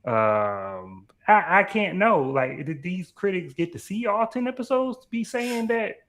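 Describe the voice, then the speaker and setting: A man's voice: high voice, animated, a little slow, fairly bright tone. A man on a live panel, giving his opinions hesitantly and often restarting his sentences. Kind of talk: casual live panel discussion.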